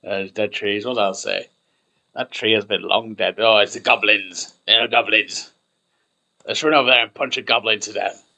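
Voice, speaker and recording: A man's voice: lowish voice, steady tone, moderate pace, vocal fry, pushed and bright, rough recording. A young man rambling through casual gameplay commentary, chatty and self-mocking.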